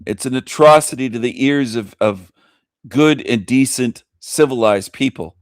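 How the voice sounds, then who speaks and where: Over clips, a male show host delivers a scornful, blunt rant packed with swearing and repeated phrases. He has a medium-pitched voice and a measured pace, and the studio recording is clean and dry.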